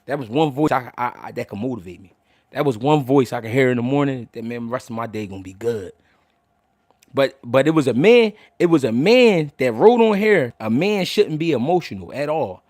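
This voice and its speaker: A livestream host responds to his chat with emotional, off-the-cuff heat, tripping over words and restarting repeatedly. He has a mid-range, slightly mellow voice with lively intonation and a fairly quick pace, captured in studio quality with no room sound.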